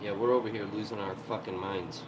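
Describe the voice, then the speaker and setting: A man's voice: on the low side, fairly even intonation, brisk, noisy background. A man hosting a livestream from home, ranting heatedly and profanely in an irritated tone. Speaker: livestream host.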